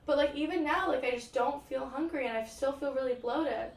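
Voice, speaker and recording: Answering her viewers' comments on a livestream, a young woman chats dramatically, curses freely and leans heavily on "like" and "um." She speaks fairly quickly in a high-pitched voice. The audio has roomy echo and faint ambient noise, and she is distant from the mic.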